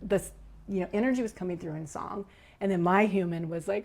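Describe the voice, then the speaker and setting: A woman's voice: lowish voice, a little fast. Earnest woman recounting a spiritual experience. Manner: animated and earnest, many "like" and "you know" fillers. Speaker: podcast guest, leadership coach. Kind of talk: personal storytelling in conversation.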